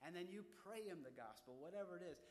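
A man's voice: high-pitched, lively intonation, quick pace, a little mellow, slight background noise. An older man giving a conversational Bible lesson to young students, often asking the class rhetorical questions. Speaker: Bible teacher. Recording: echoey hall.

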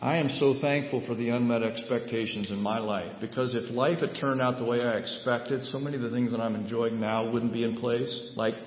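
A man preaching a sermon, moving between loud, emphatic points and quiet storytelling. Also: mid-range voice, fairly even intonation, a little fast, hardly any pauses, a little hiss or hum. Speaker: pastor. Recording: echoey hall, dull lo-fi sound.

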